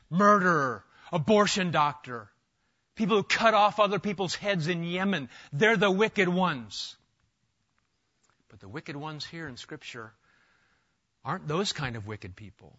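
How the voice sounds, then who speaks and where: Pastor type, man from Nebraska, forceful, emphatic sermon delivery on a muffled lo-fi recording. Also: sits high. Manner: emphatic preaching with rhetorical questions and repetition.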